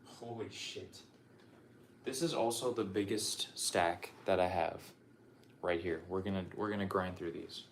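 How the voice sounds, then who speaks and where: A young man livestreams while showing off his game collection, chatting loosely and profanely and often restarting sentences. His low voice keeps a steady tone at a measured pace, he's out of breath, and there's slight background noise.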